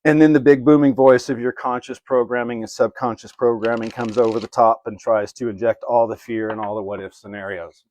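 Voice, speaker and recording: A man's voice: medium pitch, fairly even intonation, brisk, few pauses, a little mellow. A man giving live oracle card readings to viewers he greets by name, casual and swearing now and then. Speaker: livestream card reader.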